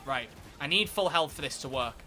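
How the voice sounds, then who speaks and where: A man giving live, excitable gameplay commentary as a streamer, swearing and bursting into shouts. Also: on the high side, a little fast, faint music behind. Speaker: game streamer.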